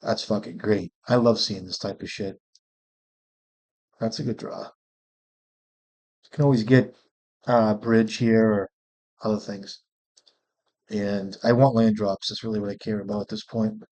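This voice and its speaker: A man's voice: fairly low pitch, fairly even intonation, a little slow, long pauses, a little mellow. A man streaming a card game, thinking aloud in casual, profane commentary and often muttering to himself.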